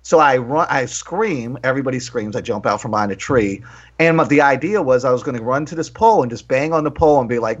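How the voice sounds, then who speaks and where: A man co-hosting a casual talk show, telling stories with animated, profane asides and acted-out quotes. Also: on the high side. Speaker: podcast co-host. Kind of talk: casual storytelling chat. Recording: dull lo-fi sound.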